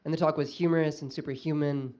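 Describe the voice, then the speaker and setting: A man with a somewhat high voice speaks from the floor at a talk. He stumbles and restarts as he gathers his thoughts. He thanks the panel at length before he gets to his question. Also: little pitch movement, fast, a little mellow. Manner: hesitant, restarts, effusive thanks. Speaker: audience member asking a question.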